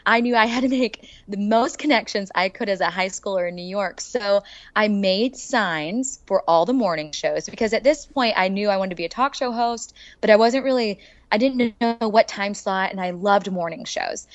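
Lively Oklahoma woman telling her story. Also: mid-range voice, moderate pace, dry recording. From Oklahoma, USA. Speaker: interview guest, TV personality. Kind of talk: storytelling in an interview. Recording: dull, dry lo-fi sound.

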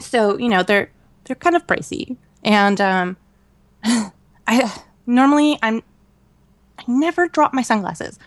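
Chatty woman telling animated stories. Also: a little high, slow, long pauses, no echo. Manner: animated storyteller, lots of fillers and laughs. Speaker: podcast co-host. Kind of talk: casual chat.

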